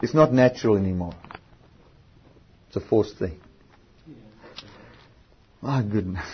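A man's voice: medium pitch, muffled recording. A man preaching a sermon, stretching out key words for emphasis and often restarting his sentences. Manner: emphatic, drawn-out stresses, frequent restarts.

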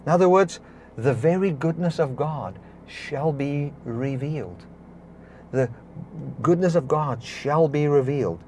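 A man preaching a sermon, stopping now and then to correct himself and clear his throat. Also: fairly high pitch, unhurried, slight background noise. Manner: preaching with swings between soft and raised passages. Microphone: device recording a broadcast, battery powered.

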